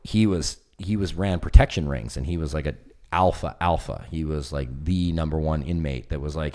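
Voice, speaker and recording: A man's voice: a bass voice, normal speed. A man in casual conversation, telling long stories with energy and acting out the voices of the people he quotes. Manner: animated storyteller, acts out quoted voices. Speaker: film producer guest. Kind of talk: casual chat.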